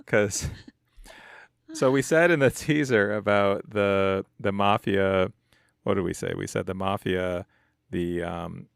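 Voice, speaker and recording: Very deep, gravelly man podcasting. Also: slow pace, no echo, studio quality. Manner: easygoing, hedging, many fillers. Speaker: podcast co-host. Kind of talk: casual chat.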